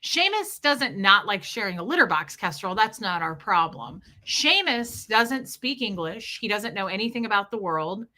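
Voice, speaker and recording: A woman's voice: medium pitch, big pitch swings, moderate pace, few pauses, bright, forceful tone. A woman chatting casually on a livestream, rambling from story to story and greeting viewers by name.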